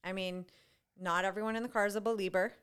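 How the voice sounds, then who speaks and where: A woman's voice: medium pitch, steady tone, fast, fairly bright tone, smooth. A middle-aged woman co-hosting a podcast, telling family stories in a chatty, good-humored way. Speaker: podcast co-host. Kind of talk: casual chat.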